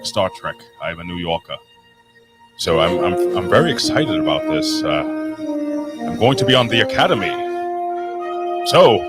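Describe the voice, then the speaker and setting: A grand older starship captain speaks in a low, slow, put-on British voice, as a man imitates him over loud orchestral theme music. He draws every phrase out with hearty chuckles. The voice sits deep and unhurried, like a commander addressing his crew. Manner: slow, drawn-out theatrical delivery with hearty chuckles. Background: space-show theme music playing loudly.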